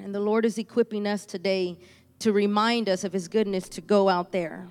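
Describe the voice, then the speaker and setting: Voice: mid-range voice, fairly even intonation, moderate pace, darkish tone, clear, resonant tone, long reverb tail. A church speaker from Houston giving a fervent preaching testimony, repeating phrases for emphasis. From Houston, Texas.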